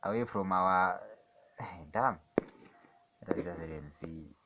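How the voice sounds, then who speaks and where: A man in casual live commentary on his own trade, rambling and questioning himself, moving between calm chart talk and excited outbursts. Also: deep voice, slow pace, heavy background noise. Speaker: day trader narrating his screen.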